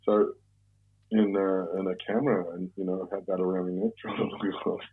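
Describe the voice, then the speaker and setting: Gravelly low Australian man, profane yarn. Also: little pitch movement, a little fast. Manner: rambling, profane, many restarts. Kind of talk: casual storytelling. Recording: tinny phone-like audio.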